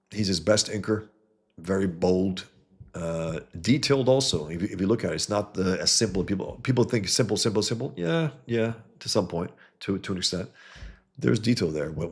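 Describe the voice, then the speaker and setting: Male comics host, very low gravelly voice, eager and rambling, casual stream talk. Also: fairly bright tone. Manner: enthusiastic, repeats himself, restarts often.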